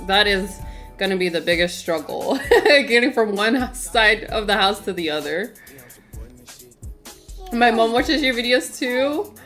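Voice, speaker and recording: A woman's voice: a little high, fairly bright tone. A woman streaming a game in casual, chatty commentary, laughing often and talking to her chat.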